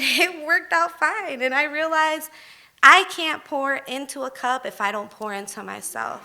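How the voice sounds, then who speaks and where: Woman in her 30s doing a personal story onstage, candid and punchy, brightish higher voice. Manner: candid, emphatic, conversational. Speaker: storyteller on stage. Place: live stage event venue.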